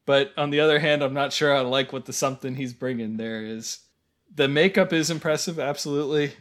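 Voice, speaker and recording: Man, podcast co-host, casual wry chat, mid-pitched voice, laughs a lot. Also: brisk, a bit bright. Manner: wry, rambling, laughs often.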